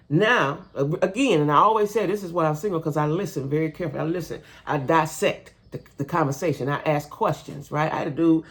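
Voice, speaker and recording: A woman giving a casual, chatty recap of a reality TV show, talking straight to her viewers and often checking in with a "right?". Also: low voice. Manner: chatty, addresses viewers as "y'all", frequent "right?".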